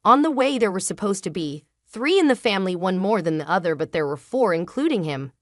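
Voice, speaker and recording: Woman telling a dramatic story, emotional and halting, swoopy voice, no room echo. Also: mid-range voice, big pitch swings, studio quality. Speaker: narrator. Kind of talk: first-person dramatic story narration.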